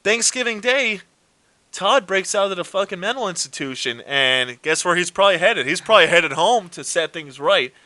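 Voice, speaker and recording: A man co-hosting a casual movie chat, retelling plots with lively acted quotes and swearing. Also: high-pitched, moderate pace, no room sound. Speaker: co-host.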